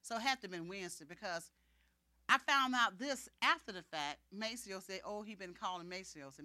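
Bright, lively woman preaching a testimony. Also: mid-range voice, fairly quick, no echo. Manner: animated storytelling, acting out dialogue. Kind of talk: sermon testimony.

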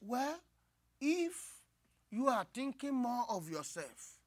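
A woman preaching a sermon, moving from hushed asides to loud, cried-out lines. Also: a little high, takes it slowly, no echo. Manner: expressive, swings from hushed asides to loud cries.

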